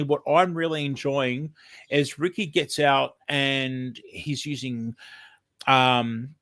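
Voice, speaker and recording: A man's voice: on the high side, a bit bright. An Australian man hosting a casual livestream, chatting in a rambling, friendly way with lots of ums, a bit sniffly from hay fever. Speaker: livestream host.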